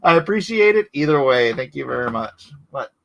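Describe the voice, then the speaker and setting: A comic artist chats casually on a live stream while inking, rambling and getting animated as he laughs through a story. His mid-range voice is creaky, and he speaks at a moderate pace.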